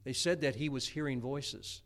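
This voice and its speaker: A man's voice: mid-range voice, moderate pace, a bit bright. A middle-aged man preaching a homespun sermon, chatty, with many stammered restarts. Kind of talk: folksy sermon.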